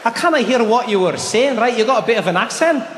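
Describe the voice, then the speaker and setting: A man's voice: very high voice, lively intonation, fast talker, fairly bright tone, a faint crowd. A man voicing a polite male waiter with a Scottish accent who asks questions, recorded in an echoey hall. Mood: puzzled. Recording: echoey hall with faint noise.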